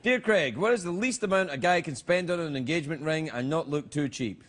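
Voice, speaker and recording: Wry, high-voiced Scottish talk-show man. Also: lively intonation, brisk, fairly bright tone. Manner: playful, wry, bantering. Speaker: late-night talk show host. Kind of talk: late-night comedy banter. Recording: TV studio with audience noise.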